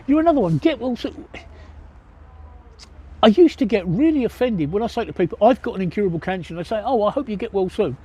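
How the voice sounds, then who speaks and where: An older Englishman livestreams from his phone outdoors beside a pub, answering his viewers' chat in a casual Q&A. His high-pitched voice is mellow and husky, and he talks very fast and animatedly with hardly any pauses, blunt, joking, and matter-of-fact.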